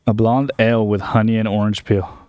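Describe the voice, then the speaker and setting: A young man, co-hosting a casual podcast over beers and cigars, relaxed and swearing a lot. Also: lowish voice, a little fast, clear, resonant tone, dry recording. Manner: laid-back, swears often. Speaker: podcast co-host.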